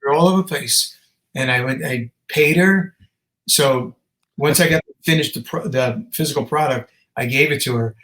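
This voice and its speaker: A man chats as a musician guest in a casual interview. He tells his stories animatedly and in a rambling way, full of fillers and restarts, with a mid-pitched voice. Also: moderate pace, bright, forceful tone, poor audio.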